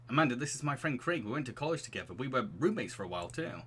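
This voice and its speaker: A male streamer from England with a bright, clear voice that leaps around a lot in pitch. He chatters and giggles as he reads the game aloud into a streaming mic, with a faint hiss behind him. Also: big pitch swings, rapid-fire, hardly any pauses. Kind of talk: let's play commentary.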